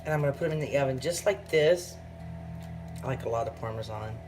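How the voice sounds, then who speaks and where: A woman's voice: extremely low pitch, quick pace, over music. A woman, hosting a casual home cooking vlog and chatting through each step in her kitchen. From Southern United States.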